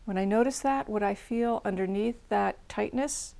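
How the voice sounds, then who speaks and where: A woman's voice: mid-range voice, moderate pace, creaky, mellow. A middle-aged woman teaching meditation, giving a frank, plain-spoken dharma talk and guided practice with a self-deprecating edge.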